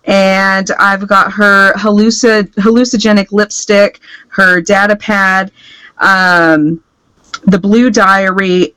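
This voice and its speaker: A woman at a middling pitch talks up her character with bubbly enthusiasm. The sound is dry and close. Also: sharp tone, clean tone, dry recording. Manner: bubbly, laughs often. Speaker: player. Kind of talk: casual banter at a tabletop game.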